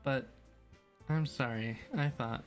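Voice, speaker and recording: A male streamer reads a visual novel aloud and breaks off into loose, self-deprecating asides. His voice sits at an ordinary middle pitch. Game music plays faintly under his talk. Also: slow pace. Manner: casual, rambling, self-deprecating.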